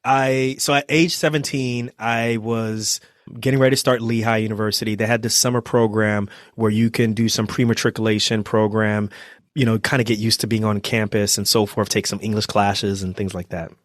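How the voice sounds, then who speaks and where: A man's voice: on the low side, level tone, moderate pace, no echo, clean studio sound. A man from New Jersey, a trauma surgeon, telling his story as a podcast guest and acting out what people said. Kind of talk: storytelling interview.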